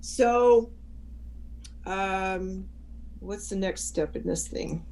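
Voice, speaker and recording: Older woman telling a lively story. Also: mid-range voice, very slow, poor audio. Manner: animated storyteller, acts out quoted voices, frequent restarts. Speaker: guest chaplain. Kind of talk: personal storytelling in an interview.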